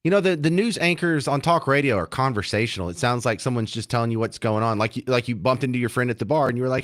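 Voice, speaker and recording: A man's voice: medium pitch, quick pace, hardly any pauses, fairly bright tone, no room sound, studio quality. A man hosting a talk radio show, casual and sarcastic, given to self-deprecating jokes.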